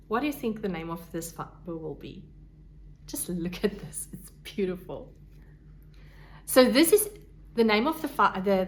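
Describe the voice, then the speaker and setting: A woman hosting a casual crafting podcast, gushing over her things and sometimes dropping to a soft whisper. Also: medium pitch. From South Africa. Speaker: podcast host. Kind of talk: casual show-and-tell chat.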